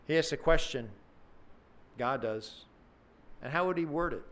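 A man delivers a sermon with a slightly high voice. He talks earnestly and conversationally to his listeners. He leans into dramatic emphasis when he acts out questions. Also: unhurried, a bit bright. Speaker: preacher.

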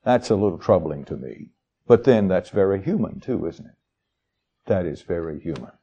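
This preacher reads Bible verses with shifting dramatic emphasis and explains them homely and chatty, often turning to the congregation with folksy asides. His low, warm, husky voice swings widely in pitch with lively intonation at a moderate pace, and the audio is dull.

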